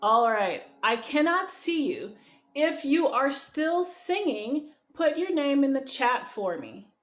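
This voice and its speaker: A woman's voice: high-pitched, sing-song, slow, faint music behind. A woman voice teacher leading an online group lesson, upbeat and encouraging, talking to people in the chat. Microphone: video call. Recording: echoey room with keyboard.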